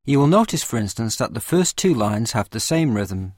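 A man reading a scripted lesson with a measured, careful explanatory delivery. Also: mid-range voice, very animated, no room sound, clean studio sound. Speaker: teacher of poetry. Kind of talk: scripted lecture narration.

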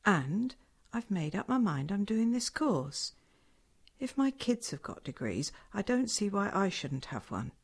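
An actress playing a middle-aged wife, defensive and determined. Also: female voice, medium pitch, sing-song, measured pace, breathy edge, exaggerated voice.

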